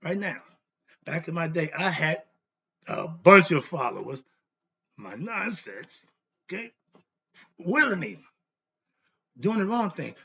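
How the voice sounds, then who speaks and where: Slightly high and sing-song, this husky male voice is slow and pauses often, bright yet forceful, recorded in lo-fi sound. The host lectures on self-knowledge in a philosophy monologue, bluntly preachy and repetitive, posing rhetorical questions to himself and answering them with evident annoyance.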